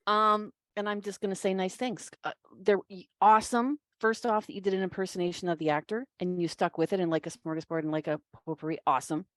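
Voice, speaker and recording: A woman's voice: fairly low pitch, fairly even intonation, fast, few pauses, no echo. A woman judging a voice-acting competition, giving gushing, effusive feedback. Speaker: competition judge. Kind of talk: casual spoken feedback.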